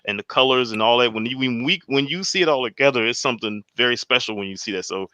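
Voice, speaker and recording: A man speaking as a guest on a podcast, in a mid-pitched, bright and forceful voice. He rambles through his thoughts with lots of restarts. The sound is dry and close, with no room echo. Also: fast, clean tone. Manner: rambling, many restarts and fillers. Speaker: guest comic creator. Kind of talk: casual chat over video call.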